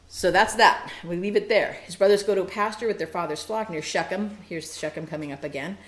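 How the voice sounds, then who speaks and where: A woman teaching a Bible study, animated and playful, acting out quoted lines with quick asides. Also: on the low side, reverberant.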